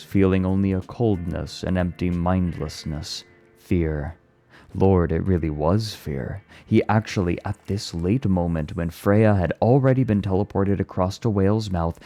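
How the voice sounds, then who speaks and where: A man reading a novel aloud on stream, his voice very low and mellow. He takes the prose at a steady, deliberate pace and lets the phrasing breathe. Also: no echo. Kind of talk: read-aloud storytelling.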